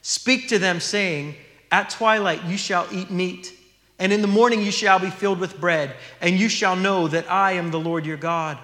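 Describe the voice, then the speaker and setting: A man with a bright, high-pitched voice preaches an earnest sermon, reading scripture and explaining it to his congregation. His voice rings through a roomy church hall with a long reverb. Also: fairly even intonation, moderate pace. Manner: earnest, teaching, reads scripture aloud. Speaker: pastor.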